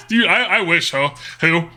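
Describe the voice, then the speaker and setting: Guy streaming a card game, real bright tense voice, jumps all over the place pitch-wise, fake drawl, chatty and jokey. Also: breathy edge. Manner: joking, chatty, talks to chat with "y'all" and "friendo"; putting on a drawling cowboy-style accent for viewers. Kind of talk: live-stream commentary while playing a card game.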